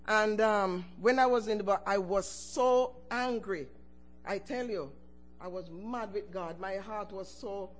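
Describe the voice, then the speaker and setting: An older woman shares her personal testimony with her church, telling it with lively, sudden swings in pitch and loudness and chuckling between phrases.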